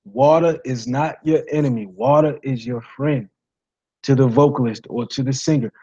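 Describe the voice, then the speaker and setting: A man with a raspy voice giving a casual singing lesson to viewers, rambling, repeating himself and saying "you know" and "guys" often. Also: medium pitch, normal speed, warm tone, highs cut off. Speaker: singing coach.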